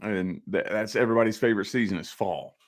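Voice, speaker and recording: A man's voice: fairly low pitch, fast talker. A man hosting a casual live stream from his home office, rambling in a laid-back way and talking straight to his viewers.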